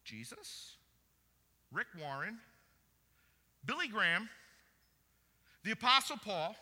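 A man preaching a sermon and quizzing his congregation, moving from quiet teaching to loud cheers for the people who answer. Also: high-pitched. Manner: lively, swings from quiet teaching to loud praise. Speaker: pastor. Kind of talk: sermon with audience quiz. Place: church hall. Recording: long hall reverb.

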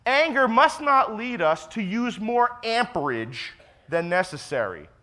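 A male pastor delivering a sermon with a bright, forceful tone. His pitch swings widely as he hammers home repeated phrases, then falls into hushed asides. He sits slightly high for a man. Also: big pitch swings, a little slow. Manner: emphatic preaching, repeats key phrases, drops to quiet asides.

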